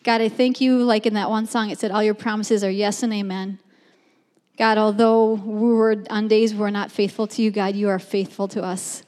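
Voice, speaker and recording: A woman's voice: mid-range voice, flat delivery, normal speed, a little mellow, long reverb tail. A woman speaking to a youth group, earnest, leading a prayer with repeated invocations. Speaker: guest speaker.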